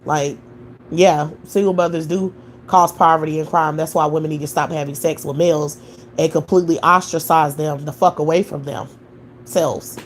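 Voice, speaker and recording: A woman's voice: sits low, steady tone, normal speed, a little hiss or hum. Scornful, profane woman ranting on a live stream. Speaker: livestream host. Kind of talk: live stream reacting to chat.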